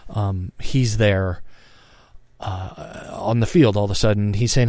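Man in his fifties, lowish voice, candid monologue, profane, reflective, dry close sound. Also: takes it slowly, darkish tone, dry recording. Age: 50s. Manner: frank, profane, reflective, rambling with restarts. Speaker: personal storyteller.

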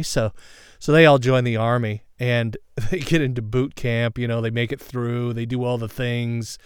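A man's voice: medium pitch, steady tone, moderate pace, clean tone, dry recording, clean studio sound. A man hosting a show, talking reflectively about faith and checking in with "right?". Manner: thoughtful, with many restarts and "right?" tags. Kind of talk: reflective spiritual talk.

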